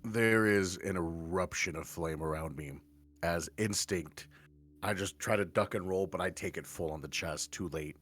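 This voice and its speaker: A man's voice: deep voice, moderate pace, fairly bright tone. A man playing in a tabletop game, chatting casually and stammering as he restarts sentences. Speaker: player.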